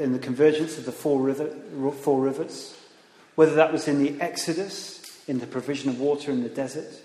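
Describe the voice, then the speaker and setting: Animated preacher in echoey church. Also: male voice. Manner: animated, rising pitch for emphasis, conversational asides. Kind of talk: sermon. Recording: echoey hall, long reverb.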